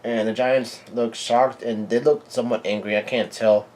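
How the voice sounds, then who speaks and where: A man at a mid-range pitch, reading a comic chapter aloud as a live reaction. His delivery is halting, full of ums and restarts as he works through each panel. He speaks as the host of his own channel. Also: little pitch movement, darkish tone, a little hiss or hum. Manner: halting, with frequent fillers and restarts.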